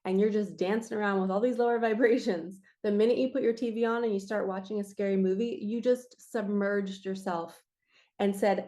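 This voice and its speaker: A woman speaking to her viewers in an earnest spiritual talk, urging and emphatic. Her voice is raspy from straining her throat, with a pitch in the middle of the usual range. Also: steady tone, fairly quick, mellow. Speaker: spiritual reader and coach.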